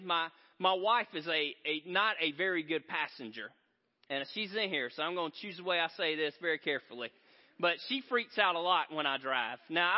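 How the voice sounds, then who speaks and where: A man preaching a sermon in a large church, telling stories in a conversational, joking way. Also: high-pitched. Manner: conversational storytelling, animated and joking. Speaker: pastor. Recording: reverberant hall, dull sound.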